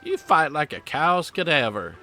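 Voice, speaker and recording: A man's voice: on the high side, very animated, a little slow, pushed and bright, soft background music, voice pushed up, heavily acted. A man voicing a cocky, taunting sailor who picks fights, in a put-on Southern drawl. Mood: mocking. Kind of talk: reading game dialogue aloud.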